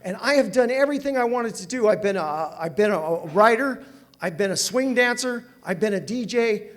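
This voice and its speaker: Animated high-voiced older man telling stories. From Southern California. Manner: animated, laughs often, self-mocking. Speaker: recovery meeting speaker. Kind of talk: personal storytelling talk. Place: meeting hall with audience.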